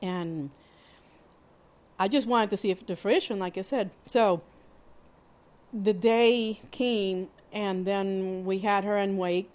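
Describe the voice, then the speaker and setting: A woman's voice: mid-range voice, steady tone, darkish tone. Candid woman telling a personal story. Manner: halting, conversational, frequent restarts and fillers; candid and plainspoken, with mild swearing. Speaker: podcast host.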